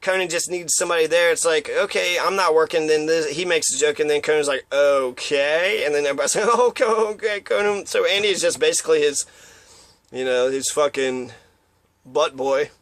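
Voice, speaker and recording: A man's voice: fairly high pitch, fairly even intonation, a little fast, fairly bright tone, no echo. A man giving a rambling, profane monologue of opinions, now and then acting out quotes in mocking voices. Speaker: commentator.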